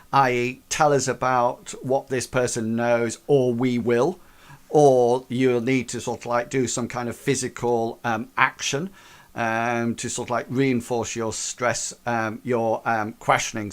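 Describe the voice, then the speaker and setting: A man's voice: mid-range voice, level tone, measured pace. A man narrating a tabletop game as game master, hesitant, with many fillers. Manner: hesitant, lots of fillers and restarts.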